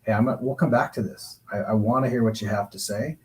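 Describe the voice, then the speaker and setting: Calm, measured male counselor. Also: on the low side, slight background noise, low-quality recording. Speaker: guest counselor and coach. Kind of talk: calm advice-giving talk.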